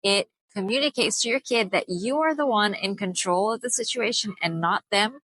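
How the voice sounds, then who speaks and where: A young mother giving parenting advice to the camera in an earnest, explanatory way, slowing down to stress key points. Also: mid-range voice, fairly bright tone, dry recording, rough recording. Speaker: parenting vlogger.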